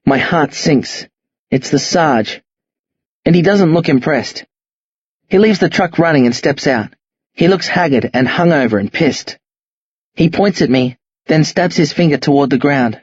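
A man reading a first-person novel as an audiobook, in a measured, understated manner. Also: mid-range voice, breathy edge, dry recording, lo-fi sound. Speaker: audiobook narrator.

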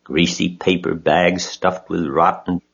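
A man's voice: deep voice, level tone, gravelly, fairly bright tone, slightly rough, exaggerated voice. A man voicing a sly old sheep who lingers over her words. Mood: tempting. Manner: savoring, listing slowly. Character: old sly female sheep, tempting talker. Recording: dull lo-fi recording.

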